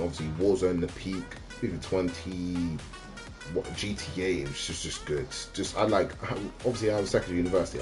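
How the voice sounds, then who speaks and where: Deep-voiced rambling man. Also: a little mellow. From South West London. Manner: rambling and slangy, often breaking off mid-sentence. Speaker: livestreamer. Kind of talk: casual livestream chat. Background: faint radio music.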